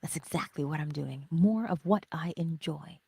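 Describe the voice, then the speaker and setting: A middle-aged woman hosting a casual spiritual livestream, chatting with viewers, telling stories and often dropping into soft whispers. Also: low voice, normal speed, gravelly, husky, no echo. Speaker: host of a morning livestream.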